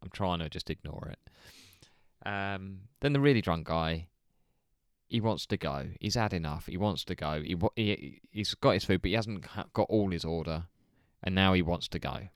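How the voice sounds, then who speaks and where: A man telling a story in casual chat, animated, swearing and laughing often. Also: low-pitched, moderate pace, clean tone, dry recording, clean studio sound. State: hungover. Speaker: podcast co-host telling a story.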